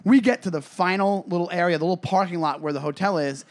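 A man's voice: sits high, quick pace. A man co-hosting a podcast in casual chat, telling rambling stories full of fillers like "uh" and "like.". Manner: rambling, filler-heavy storytelling. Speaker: podcast co-host.

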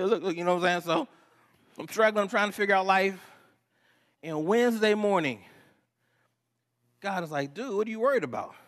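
A man delivers a sermon with a high, light voice, shifting between personal stories and scripture. He talks to the congregation in an animated, conversational way. The sound carries a long reverb from a church hall. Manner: animated storytelling preacher, conversational asides. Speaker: pastor.

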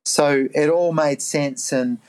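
A middle-aged Australian man, a life coach, telling a personal story in a podcast interview, earnest and animated, often jumping into a higher voice to act out his own past thoughts. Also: slow, smooth.

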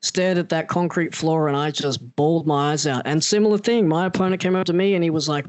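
A man's voice: a little high, brisk, few pauses, no room sound. A male podcast host who also wrestles, talking earnestly and telling stories fluently. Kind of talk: podcast interview.

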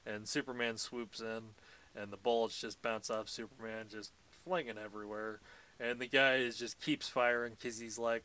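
Bright-voiced laughing podcast man. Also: medium pitch, fairly even intonation, moderate pace. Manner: laughs often, swears casually, acts out quotes in passing. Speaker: podcast co-host. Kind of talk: casual movie recap chat.

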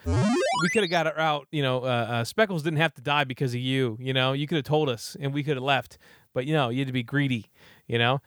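A young adult man recapping a movie in a rambling, comedic way, full of fillers and quick character voices. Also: mid-range voice, fairly bright tone. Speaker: podcast host recapping a movie.

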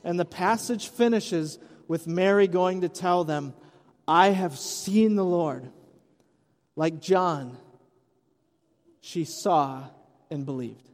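A man's voice: on the high side, slow, long pauses. A man preaching an Easter sermon as pastor, retelling the story conversationally with light humor. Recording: long hall reverb.

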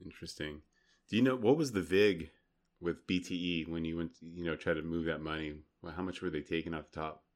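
A man's voice: deep voice, a little fast. A man co-hosting a podcast, asking questions and teasing his co-host in casual chat.

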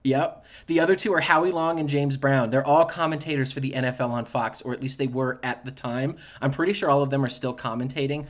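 A man co-hosting a casual podcast, joking around and tripping over his words in restarts. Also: medium pitch. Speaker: podcast co-host. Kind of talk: casual chat.

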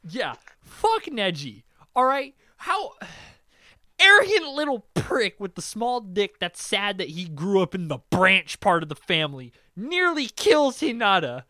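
A man hosting a podcast in casual chat, excitable and profane, laughing often. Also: sits high, unhurried, no echo, clean studio sound. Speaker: podcast host.

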